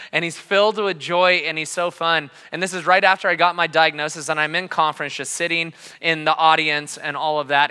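A man's voice: a little high, clear, resonant tone. Passionate man preaching in a reverberant hall. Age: 30s. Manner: passionate storytelling, swings between quiet and loud. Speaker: pastor. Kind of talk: sermon. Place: church hall.

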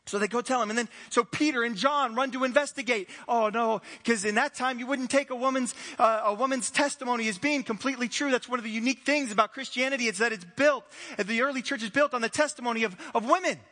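A man preaching a sermon, telling the story in an animated way with playful asides and voiced characters. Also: very high-pitched, fast talker, few pauses, long reverb tail. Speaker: pastor.

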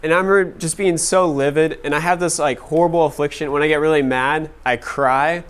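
A man in his thirties tells personal stories to his class in a brisk, smooth, steady voice on the high side. He is casual, uses "like" constantly as filler, and laughs at his own stories.

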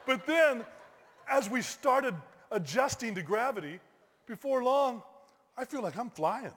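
A middle-aged man, a pastor, telling a lively personal story in a sermon, bursting into shouted exclamations. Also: high-pitched, moderate pace. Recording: long hall reverb.

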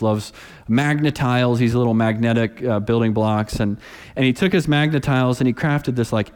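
With a clean, mid-range voice and a big-room sound, a pastor in his thirties preaches through stories. He brings the people in them to life with animated voices.

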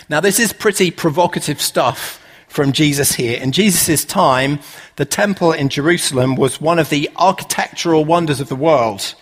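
A man preaching a relaxed, conversational sermon, full of "uh" fillers and rhetorical questions. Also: a little high, normal speed, slightly rough.

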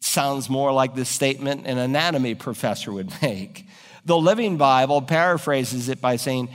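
A man's voice: mid-range voice, normal speed, big-room sound. A man preaching a sermon as pastor, building to emphatic raised peaks.

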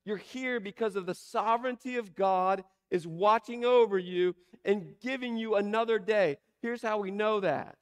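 A man preaching a sermon, asking emphatic rhetorical questions and slowing down to stress key words. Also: high-pitched, clean tone. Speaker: pastor.

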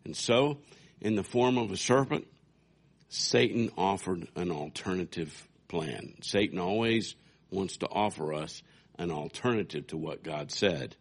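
A man's voice: deep voice, animated, unhurried. A man preaching a sermon, telling a scripture story with humor and acting out quotes. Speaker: pastor.

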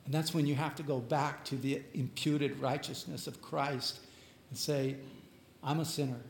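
A man preaching a sermon as pastor, earnest, moving between emphatic lines and hushed ones. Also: mid-range voice, level tone, normal speed, vocal fry, echoey room, slight background noise.

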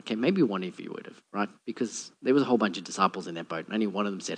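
A man, a pastor, preaching a sermon and telling a Bible story with lively acted-out quotes. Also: rapid-fire, hardly any pauses. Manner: storytelling, acts out quotes with a lowered voice.

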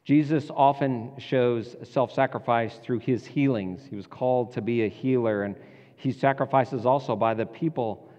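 A man's voice: mid-range voice, moderate pace, dark tone. A man giving a reflective, conversational sermon as a pastor. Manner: reflective, conversational, with self-corrections. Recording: dull sound with long hall reverb.

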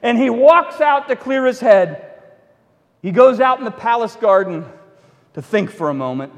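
A man preaching a sermon, retelling a Bible story with animated storytelling, acting out the characters and adding wry asides. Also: very high voice, normal speed, big-room sound. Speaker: pastor.

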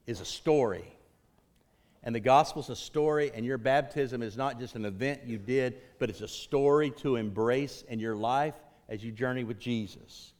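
A middle-aged man preaching a sermon, building to loud, impassioned emphasis on key lines. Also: medium pitch.

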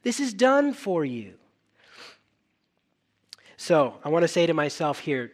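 A middle-aged male pastor preaching a sermon, telling stories with animated acted-out dialogue. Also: fairly high pitch, measured pace, long pauses. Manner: animated storytelling, acting out dialogue.

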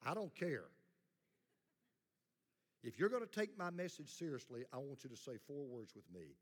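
Male pastor, middle-aged, blunt sermon delivery with call-and-response, somewhat high voice, long church reverb. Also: big pitch swings, moderate pace, fairly bright tone. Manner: blunt, plain-spoken preaching with congregation call-and-response. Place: church sanctuary.

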